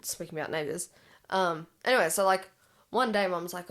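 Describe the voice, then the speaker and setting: A young adult Australian woman hosting a casual podcast chat, telling stories in an animated, chatty way with frequent laughter. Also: lowish voice, fast. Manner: animated, chatty storyteller who laughs often.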